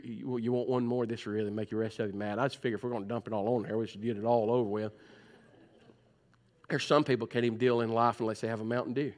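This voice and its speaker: A man preaching a sermon in a church. He talks conversationally, teases his listeners and acts out their complaints. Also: on the low side. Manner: conversational preaching, teasing the congregation, mimics voices. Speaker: pastor. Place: church sanctuary.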